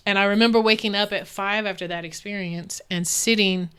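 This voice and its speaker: Bright, clear-voiced woman telling faith stories. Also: medium pitch, a little fast. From Dallas, Texas. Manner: animated, earnest, laughs often, many restarts. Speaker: guest. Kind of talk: candid interview storytelling.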